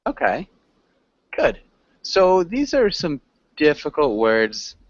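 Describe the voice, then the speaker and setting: A man's voice: on the high side, huge pitch swings, slow pace, no room sound, muffled recording. A man teaching an online English class, patiently coaching students on words and pronunciation.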